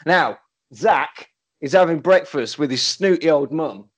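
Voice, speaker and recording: A British man co-hosting a podcast, retelling a film's plot in a casual, animated way and laughing often. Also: a little high, a little slow. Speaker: podcast co-host. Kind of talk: casual film recap chat.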